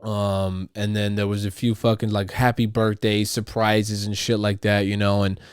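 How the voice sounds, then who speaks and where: A man hosting his own podcast from home, talking in a rambling, profane way and getting loud and riled up when he rants. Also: on the low side, flat delivery, normal speed, smooth, no room sound, clean studio sound. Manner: profane, rambling, repeats and restarts. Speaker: podcast host. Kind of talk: casual monologue. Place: at home, household noise nearby.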